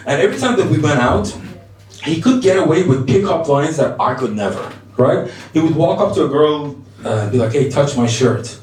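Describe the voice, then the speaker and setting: A man from Iran tells stand-up stories on a bar stage, his voice lively and swinging up and down as he acts out the people in them. It is picked up a little distant from the mic, with a roomy echo around it. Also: a little high, fairly quick, slight background noise. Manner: animated storytelling, acting out dialogue. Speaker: stand-up comedian. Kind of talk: stand-up comedy set. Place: bar comedy stage, indoors.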